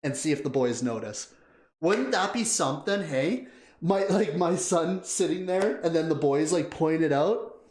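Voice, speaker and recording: A man hosting a live stream, chatting casually and excitedly. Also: a little high, measured pace. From Canada. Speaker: live-stream reaction host. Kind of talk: casual live-stream chat, greeting viewers. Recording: roomy echo.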